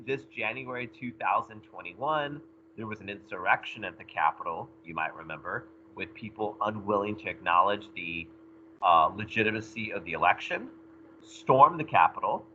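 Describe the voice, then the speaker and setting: A male history teacher giving a recorded lecture, animated and jokey, talking straight to his students. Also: fairly low pitch, normal speed, highs cut off, a little hiss or hum.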